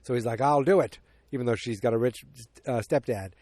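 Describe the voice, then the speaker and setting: A man's voice: medium pitch, brisk, a little mellow, no echo, studio quality. A man hosting a podcast, casually recapping a movie plot in a rambling way, full of fillers and acted-out quotes. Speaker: podcast host.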